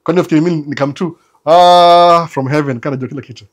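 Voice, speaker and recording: A man's voice: fairly high pitch, very fast. A man with a Kenyan accent hosting a casual livestream, chatting with viewers in a loose, talkative way full of restarts. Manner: code-switching, chatty, stammering restarts. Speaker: livestream host answering viewers.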